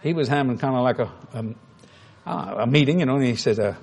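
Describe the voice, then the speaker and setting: A preacher telling a story in a sermon, animated and humorous, acting out the dialogue. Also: male voice, mid-range voice, fast talker, slightly rough.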